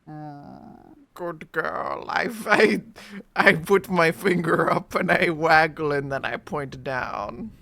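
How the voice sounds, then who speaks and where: Playful streamer with a gravelly, bright voice. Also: mid-range voice, fairly even intonation, slow. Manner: playful, teasing, laughs often, sing-song swings. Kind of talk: casual live-stream chat.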